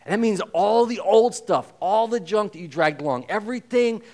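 Male pastor, higher-pitched, chatty sermon delivery with slow, weighted emphasis. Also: expressive, a little mellow. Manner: conversational preaching, slowing down to stress key phrases.

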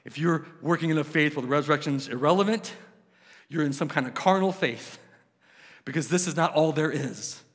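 A male pastor delivers a passionate sermon with a rather high voice. He swings from loud exclamations down to near-hushed questions. A long hall reverb trails behind every phrase. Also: normal speed.

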